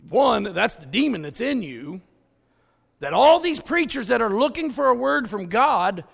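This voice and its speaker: A man preaching a sermon full of stories and jokes, with an animated, jokey delivery. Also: high voice, vocal fry, husky. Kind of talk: storytelling sermon.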